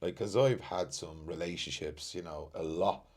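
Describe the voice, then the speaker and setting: A man's voice: low-pitched, moderate pace, crowd noise. A man hosting a casual podcast conversation, speaking earnestly and reflectively about his own patterns. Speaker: podcast host.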